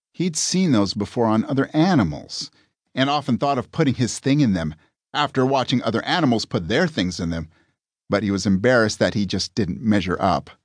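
A man's voice: lowish voice, no room sound. A man narrating a comic audiobook with a dry, wry delivery.

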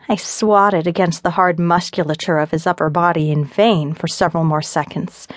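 A woman narrating a first-person romance audiobook in a steady, measured way on a close studio mic. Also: lowish voice, no echo.

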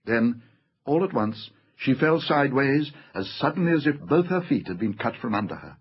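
A man narrating a fantasy audiobook in an expressive, theatrical reading. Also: mid-range voice, normal speed, slightly rough. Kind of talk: scripted storybook narration. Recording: slightly dull lo-fi audiobook recording with faint music.

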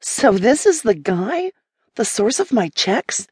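A woman's voice: on the high side, big pitch swings, takes it slowly, darkish tone, breathy edge, no echo, studio quality, voice pushed up, exaggerated voice. A woman narrator voicing a prickly, defensive young woman artist in an audiobook, snapping back with sarcasm. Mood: snappy, sarcastic. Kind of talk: audiobook character voice.

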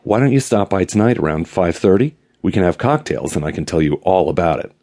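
A male audiobook narrator voicing an excitable, gossipy man with a twittering, breathless way of talking that swings from coy to sharp. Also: low voice, fairly quick. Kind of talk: audiobook character voice.

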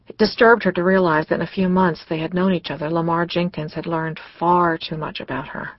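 Read in a measured, scripted way as an audiobook narrator, with a gravelly voice in a dull, dry recording. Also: mid-range voice, dry recording.

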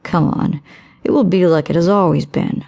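A woman voicing a smug, manipulative young man who speaks in a suave, low, smooth voice. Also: moderate pace, mellow, dull audio. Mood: smooth coaxing.

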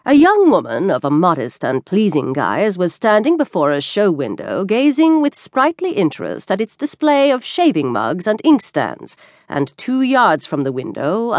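A woman narrating a classic short story as an audiobook, with expressive, lively storytelling. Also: mid-range voice, dry recording.

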